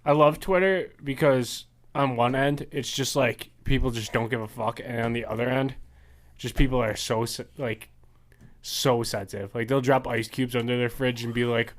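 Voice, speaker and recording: A man's voice: mid-range voice, normal speed. Laughing young man telling stories. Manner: animated storyteller, laughs through his stories. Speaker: podcast co-host. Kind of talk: casual chat.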